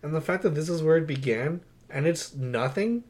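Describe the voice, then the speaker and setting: A young man co-hosting a casual movie review podcast, telling scenes in an animated, incredulous way with frequent laughs. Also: a little high, normal speed. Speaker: podcast co-host.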